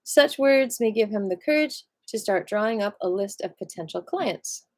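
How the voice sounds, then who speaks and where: A woman's voice: medium pitch, lively intonation, moderate pace. A tired woman reading a self-help book aloud on a live stream, breaking off now and then for chatty asides. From American.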